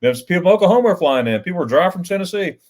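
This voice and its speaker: A man's voice: high voice, lively intonation, racing, a little mellow. A man hosting a casual livestream chat, telling rambling stories with restarts and chuckles. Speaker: livestream host.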